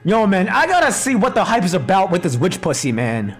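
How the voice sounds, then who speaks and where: A man streaming a visual novel playthrough live, theorizing aloud in an excitable, profane way. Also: sits high, fairly quick, music in the background.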